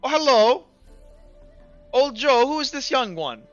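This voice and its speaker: A man voicing a cheery, excitable older male professor with a high, loud, sing-song manner. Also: unhurried, no room sound, heavily acted. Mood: delighted. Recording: dull lo-fi audio with faint music.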